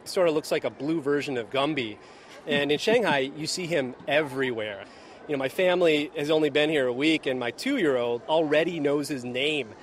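A man reporting for the radio from outdoors at a busy expo, describing the scene in a relaxed way with fillers. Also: a little high, moderate pace, slight background noise. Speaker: reporter, bureau chief.

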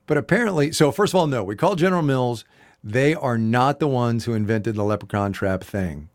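A man's voice: mid-range voice, expressive, brisk, no room sound, studio quality. A man co-hosting a podcast in casual, jokey chat. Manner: jokey, bantering. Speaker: co-host.

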